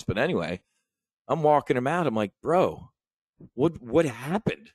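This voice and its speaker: A man's voice: medium pitch, big pitch swings, measured pace, pauses often, a little mellow, no room sound. Brash, swaggering man telling trading stories. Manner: brash, swaggering storytelling with profanity; talks straight to the audience. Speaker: trading educator and host. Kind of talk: animated sales pitch monologue.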